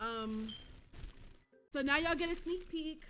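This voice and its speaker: A young woman hosting a live stream, chatting casually with her viewers and breaking into excited shrieks and giggles. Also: high-pitched, slow, faint music behind. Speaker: livestream host.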